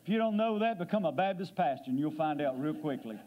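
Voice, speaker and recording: High-voiced preacher in dull recording. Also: male voice, expressive. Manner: preaches with sudden drops to a low, quiet voice for effect; slows down to stress scripture. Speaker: guest preacher. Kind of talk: sermon. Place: church sanctuary.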